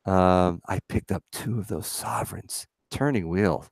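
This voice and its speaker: A man's voice: sits low, unhurried, creaky, no echo, studio quality. A man co-hosting a casual livestream, chatty and laughing often as he reads comments aloud. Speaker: livestream co-host. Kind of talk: casual live chat.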